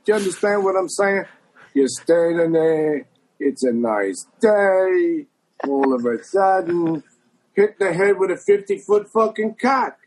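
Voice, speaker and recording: A loud old New mobster griping about his day, as a man puts him on. The voice climbs high and drags the words out slowly and emphatically. It has a husky edge. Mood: indignant.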